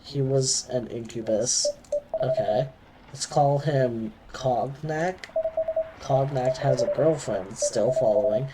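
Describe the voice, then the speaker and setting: Guy reading chill young elf freelancer, slow and casual, heavy background noise. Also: mid-range voice, close to an everyday voice. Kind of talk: reading game dialogue aloud.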